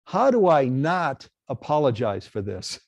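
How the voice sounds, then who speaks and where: A man with a mid-pitched voice hosts a live online talk in an earnest, easygoing way. His voice is recorded close and dry, with no room sound. He pauses on fillers as he sets up questions for his guest. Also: big pitch swings, creaky, a little mellow, no room sound. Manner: earnest, reads viewer questions. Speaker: host. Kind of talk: casual live webcast talk.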